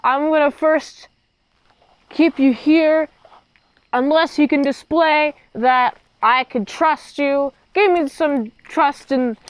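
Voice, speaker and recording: A woman voicing a menacing male kidnapper who gives orders in a flat, offhand way, as she quotes him while recapping a film. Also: high-pitched, takes it slowly, no echo, low-quality recording. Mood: commanding.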